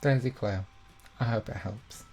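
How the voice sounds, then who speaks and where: A man's voice: medium pitch, measured pace, a little mellow, faint music behind. A young man hosting a live online quiz, reading each question twice and filling the gaps with chatty, self-mocking asides. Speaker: quiz host.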